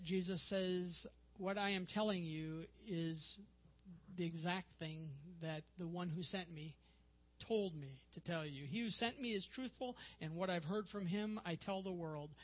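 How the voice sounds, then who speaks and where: Earnest, high-voiced older male preacher. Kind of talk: sermon.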